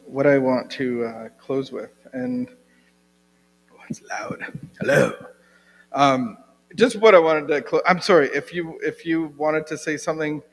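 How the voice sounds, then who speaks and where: A man closing a church service, relaxed and joking, talking informally with pauses and restarts. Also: medium pitch. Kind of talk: informal sermon talk.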